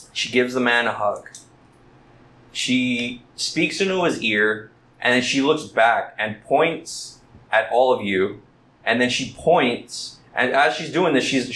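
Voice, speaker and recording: A man running a tabletop game as game master, narrating in a halting, easygoing way with many fillers. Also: mid-range voice, a bit bright.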